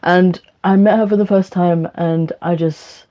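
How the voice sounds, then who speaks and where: A young woman talks through her makeup routine on a livestream, rambling with plenty of fillers and casual swearing. Her voice sits a bit low and sounds mellow and relaxed, like a camera mic in a room at home. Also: a little slow, lo-fi sound. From England. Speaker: livestreamer and teacher. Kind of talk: casual chat while doing makeup.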